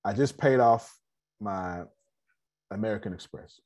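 A man's voice: on the low side, a little slow, darkish tone. A man hosting an online business meeting, giving a casual motivational talk, repeating himself and often checking that listeners understand.

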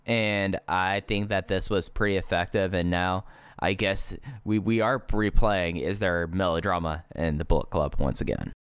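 A man's voice: deep voice, normal speed, clean tone, dry recording, studio quality. A man in casual podcast chat who argues his point and stumbles on repeated words. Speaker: podcast co-host.

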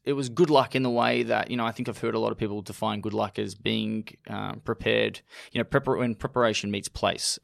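A young man with an Australian accent, a guest telling his story in a casual interview, chatty and quick to laugh. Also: on the low side, vocal fry, dry recording, studio quality. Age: young adult. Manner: chatty, laughs often, many restarts.

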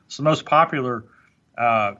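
An earnest man giving a motivational talk on a podcast, his words tumbling out with restarts and repeats. His voice sits at a middle pitch, and the recording sounds dull and slightly lo-fi. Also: normal speed, bright, forceful tone. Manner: earnest, preachy, with many restarts. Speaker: podcast guest speaker.

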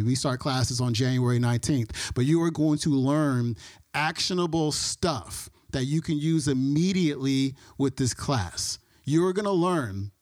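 A male podcast host giving a quick, salesy promotional pitch. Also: dry recording, studio quality.

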